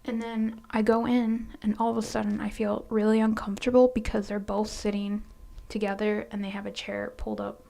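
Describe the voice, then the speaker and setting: Soft-spoken woman with a gravelly, flat voice. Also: mid-range voice, fairly quick. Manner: hesitant, with restarts, drifting into near-whispers. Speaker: storytime vlogger. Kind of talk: casual storytime monologue.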